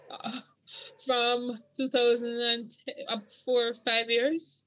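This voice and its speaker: A middle-aged woman appears as a podcast guest, giving an earnest, emotional testimony about her own life with a churchy feel. Her voice is slightly high, pushed, and bright, with a level tone and a very slow pace.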